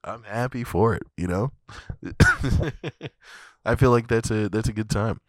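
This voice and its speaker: Low-voiced profane podcast host, dry. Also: male voice, measured pace, no room sound. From USA. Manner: animated, profane, laughs often. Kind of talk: casual comedic monologue.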